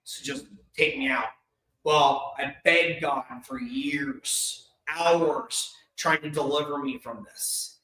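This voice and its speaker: A man candidly sharing a personal story with an audience, open and emotional, with quick flashes of humor. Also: a little high, crowd noise. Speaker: speaker sharing his life story. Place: event hall at an expo. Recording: echoey hall.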